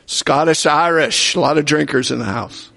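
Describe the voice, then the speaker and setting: A man's voice: a little high, moderate pace, vocal fry, bright, forceful tone. A man preaching a sermon, repeating aloud each answer called out by the congregation. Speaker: pastor. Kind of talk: sermon with audience call-and-response. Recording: echoey hall reverb.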